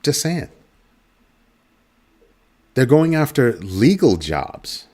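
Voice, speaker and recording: A man's voice: mid-range voice, sing-song, extremely slow, darkish tone. A man hosting a casual talk show, telling a story and mimicking a coworker with emphatic asides. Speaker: host. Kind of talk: casual chat.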